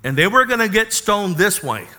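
A man preaching a sermon, animated, reading scripture and then dropping to a soft, intimate tone. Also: sits high, normal speed. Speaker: pastor.

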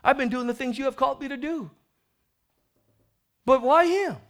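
A male preacher voicing a self-righteous older brother who complains indignantly in a raised, high voice. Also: moderate pace, fairly bright tone.

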